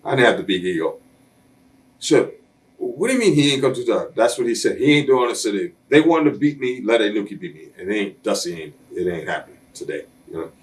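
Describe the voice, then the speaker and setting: A man's voice: fairly low pitch, animated, fast. A man in a sit-down interview, telling blunt, streetwise stories and acting out other people's lines as he goes. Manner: blunt, streetwise storyteller who acts out quoted voices. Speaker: interview guest. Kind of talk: shoot interview storytelling.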